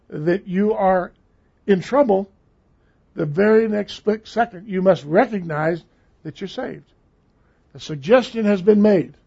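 A man's voice: high voice, vocal fry, warm tone, husky. An older man preaching a sermon with emphatic, repeated phrases. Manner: emphatic, repeating key words. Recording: dull lo-fi sound.

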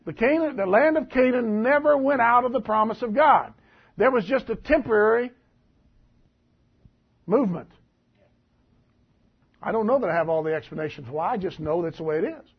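A man's voice: high voice, creaky, breathy edge. A man preaching a conversational Bible-teaching sermon in a folksy way, asking the congregation questions as he reads through the text. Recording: dull lo-fi recording.

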